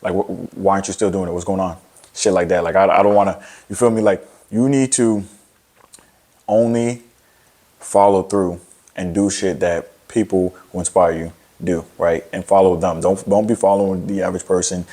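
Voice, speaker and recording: A man's voice: low-pitched, fairly even intonation, normal speed, dark tone. A young man giving a blunt, profane motivational rant to camera about fitness, rambling with many restarts. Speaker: fitness content creator.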